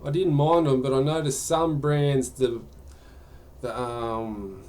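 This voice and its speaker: A man's voice: medium pitch, takes it slowly, a little mellow. A man chatting casually during a live gaming stream, answering viewer questions in a rambling way.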